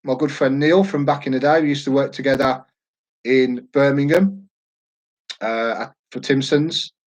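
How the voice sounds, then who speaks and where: A man's voice: mid-range voice, fairly even intonation, moderate pace, poor audio. A man, hosting a quiz live from home in a chatty, jokey, rambling way. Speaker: quiz host. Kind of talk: casual live-stream chat.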